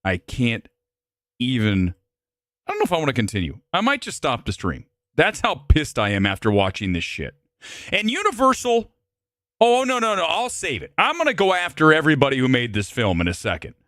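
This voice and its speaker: A man's voice: fairly high pitch, wildly swooping pitch, a little fast, sharp tone, no echo. Furious swearing movie reviewer man. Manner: furious, swearing, exaggerated outbursts. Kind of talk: angry live-stream movie rant.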